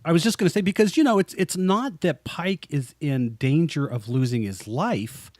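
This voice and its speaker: A man's voice: a little high, expressive, moderate pace, a little mellow, dry recording, clean studio sound. A man co-hosting a podcast, chatting casually and enthusiastically, acting out quotes. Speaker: podcast co-host. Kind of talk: casual chat.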